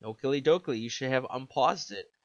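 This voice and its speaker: A man's voice: mid-range voice, moderate pace. A male Spanish teacher giving an upbeat video lesson, checking in with "okay?" and quizzing the viewer. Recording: dull lo-fi recording.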